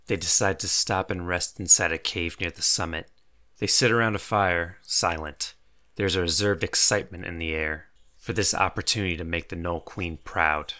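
A man's voice: sits low, bright, forceful tone. A man narrating a fantasy tabletop game as game master, telling the story in a vivid, descriptive way. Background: faint music.

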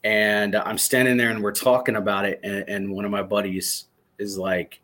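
Brief: man, 30s, from Michigan, ex-soldier guest, lower voice, animated profane storyteller. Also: moderate pace. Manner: animated, swearing, excited storyteller. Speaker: podcast guest, former soldier. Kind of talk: casual storytelling interview.

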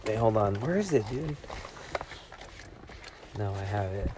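A man's voice: fairly low pitch, animated, measured pace, long pauses, heavy background noise. A man hosting a casual late-night podcast chat outdoors, loose and swearing, saying dude constantly, often laughing. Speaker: podcast host. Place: outdoors in front of a house.

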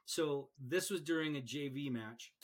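Lively, slightly high-voiced man storyteller. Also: a little slow. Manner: animated storyteller, repeats words. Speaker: referee and podcast host. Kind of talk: casual podcast chat.

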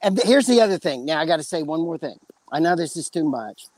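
A man's voice: a little high, very animated, quick pace, a little mellow, rough recording. A man with a West Texas accent, chatting casually as a podcast co-host and telling long, joking stories. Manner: rambling storyteller, joking. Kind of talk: casual chat.

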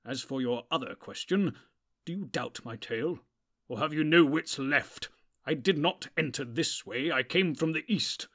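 A man voicing a proud, quick-tempered old male wizard who speaks in a commanding, testy way, in a storybook reading. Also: mid-range voice, natural voice. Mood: stern.

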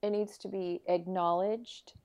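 A woman's voice: medium pitch, level tone, a little slow, mellow, clean tone. A young adult woman co-hosting a podcast, chatty and agreeable, filling her talk with "like" and "you know". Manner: chatty, agreeable, many fillers like "like". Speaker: podcast co-host. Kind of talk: casual podcast chat.

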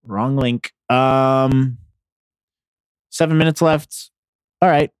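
A man's voice: medium pitch, fairly even intonation, takes it slowly, smooth, no echo, studio quality. A man hosting a casual comedy podcast, reacting to online posts with blunt, sarcastic, profane commentary. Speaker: podcast host. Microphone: headphones on, close mic.

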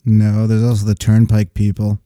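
A man's voice: fairly low pitch, monotone, normal speed, mellow, no room sound. A man co-hosting a casual studio podcast, blunt, profane and laid-back. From New Jersey. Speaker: studio owner and podcast co-host. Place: recording studio.

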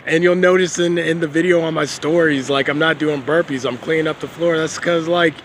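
A man's voice: a little high, steady tone, a little fast, slight background noise. A man recording a casual video journal outdoors on a beach, talking in a rambling, profane, laid-back way into a phone held at arm's length.

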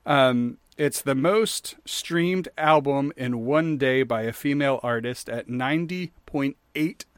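A man talks casually on a podcast, winding through his story with lots of ums and likes. His voice is mid-pitched and the recording is dry and close. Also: slow, dry recording. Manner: rambling, animated storyteller with many fillers. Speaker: podcast co-host. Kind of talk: casual chat.

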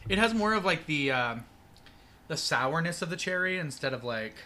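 Campy, bright-voiced man co-hosting a podcast. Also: fairly high pitch, animated, normal speed. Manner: campy, theatrical, swears freely. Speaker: podcast co-host. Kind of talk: casual chat.

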